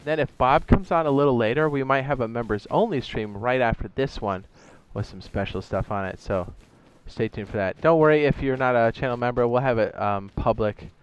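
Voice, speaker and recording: A man's voice: mid-range voice, brisk, hardly any pauses, smooth, lo-fi sound. A man live-streaming a survival game, rambling casually, talking to himself and reading chat aloud, saying "dude" often. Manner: rambling, chatty, says "dude" a lot, talks to himself; reads chat messages aloud.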